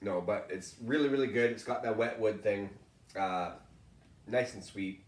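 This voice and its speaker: A man's voice: lowish voice, normal speed, echoey room, distant mic. A man co-hosting a whisky tasting, chatting in an easygoing, agreeable way. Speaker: whisky reviewer, co-host. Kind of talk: casual tasting chat.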